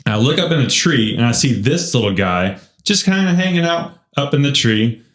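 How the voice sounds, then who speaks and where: A man tells a story on a church podcast in an animated, chatty way, with laughter breaking in. His voice sits at a middle pitch. The recording has a roomy echo. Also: normal speed. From United States. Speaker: podcast host. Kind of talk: casual storytelling chat.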